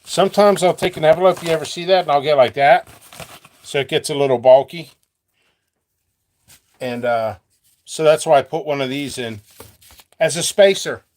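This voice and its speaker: A man's voice: a little high, normal speed, pauses often, a little mellow. A man hosting his channel as a seed seller, talking to viewers in a rambling, joking way and laughing often. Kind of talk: free-flowing casual talk to viewers.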